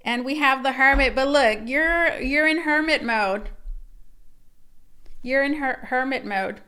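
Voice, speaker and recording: Reading tarot cards casually for her viewers, whom she addresses as "guys," a woman rambles and keeps repeating herself. Her high-pitched voice is pushed and bright with a clean tone, and she takes an unhurried pace.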